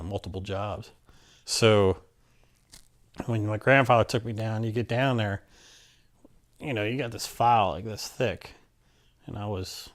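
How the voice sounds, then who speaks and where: A man from Maryland being interviewed, telling a personal story in a plainspoken, rambling way and acting out the back-and-forth of old conversations. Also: lowish voice. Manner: plainspoken, rambling, acts out quoted exchanges.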